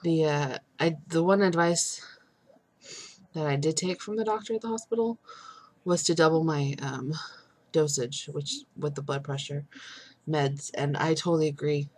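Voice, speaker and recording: Exhausted young woman with a low husky voice. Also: a little mellow, no room sound. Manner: rambling and frustrated, many pauses and fillers. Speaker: vlogger. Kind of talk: casual video update.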